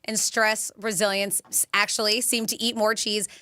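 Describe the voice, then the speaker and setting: Brief: female radio co-host, bright tone, giggly chat, dry studio. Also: mid-range voice, level tone, normal speed, no echo. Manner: giggly, chatty. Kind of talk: casual radio banter, reading fun facts.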